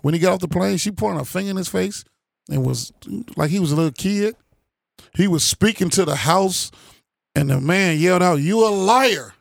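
Gravelly, blunt-talking man. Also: high-pitched, moderate pace, dry recording, studio quality. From Chicago area. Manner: blunt, profane, gets loud and animated. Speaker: panel commentator. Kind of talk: casual political chat, heated.

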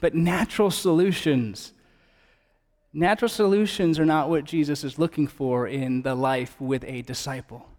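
A male pastor with a fairly high voice gives an earnest sermon in a casual, talking-to-you way. His voice carries a long echo from a large hall. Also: normal speed, darkish tone. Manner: earnest, conversational, builds up with emphasis.

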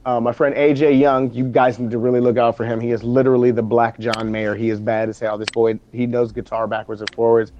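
A fast-talking man chatting casually as a musician guest. His voice comes through slightly muffled and dull, like call audio. He speaks candidly and with animation. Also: mid-range voice, little pitch movement, a little hiss or hum. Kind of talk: casual chat.

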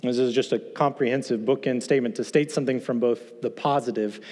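A man's voice: mid-range voice, fairly even intonation, a little mellow. Man preaching in a reverberant hall. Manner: conversational, asks the congregation, slows for emphasis. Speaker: pastor. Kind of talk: sermon.

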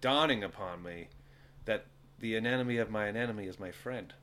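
A man's voice: on the low side, moderate pace, a bit bright. A young man chatting casually on a podcast, trading crude jokes and laughing often. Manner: crude, laughing, teasing banter. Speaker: podcast guest. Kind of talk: casual chat.

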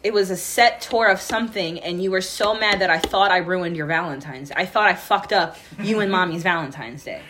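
A woman's voice: fairly low pitch, fairly quick, few pauses, background noise. A woman in her thirties chatting casually with her family, teasing, using lots of "like". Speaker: daughter, co-host. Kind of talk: casual family podcast chat.

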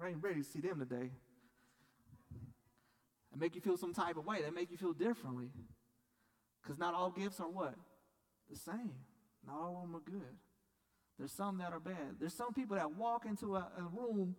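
A man's voice: a little high, distant mic. Casual preaching man in an echoey hall. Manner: conversational preaching with rhetorical questions and casual slang. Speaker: pastor. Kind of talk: sermon.

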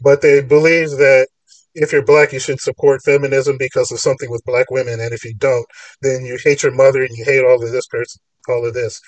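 A man's voice: medium pitch, little pitch movement, a little fast, dry recording, recorded from a distance, low-quality recording. A man hosting a call-in podcast, arguing his points in long rambling runs. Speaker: podcast host. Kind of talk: casual call-in talk.

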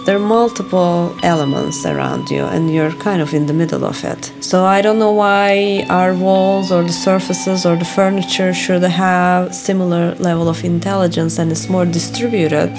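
A woman's voice: fairly low pitch, moderate pace, hardly any pauses, over music. Thoughtful woman explaining ideas. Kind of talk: explanatory talk.

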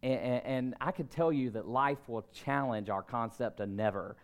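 A man in his thirties preaching a sermon, telling stories about himself in a relaxed, conversational way and breaking into emphatic bursts. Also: mid-range voice, normal speed. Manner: conversational, self-deprecating storytelling with emphatic bursts. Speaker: pastor.

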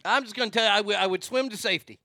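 High, gravelly, bright-voiced male streamer. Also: rapid-fire, dry recording. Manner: incredulous, profane, stammering restarts. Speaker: live stream host. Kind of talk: crude comedic rant to chat.

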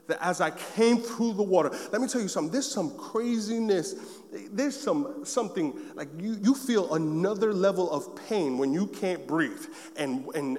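A man preaching a sermon, telling a childhood story in an animated way and acting out the scenes. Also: high voice. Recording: long hall reverb.

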